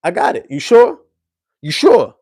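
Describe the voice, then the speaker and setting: A man's voice: sits high, big pitch swings, unhurried, darkish tone, husky, no echo, studio quality, voice pushed up, full character voice. A man voicing a tipsy young man who defensively and repeatedly insists he is fine to drive. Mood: insistent.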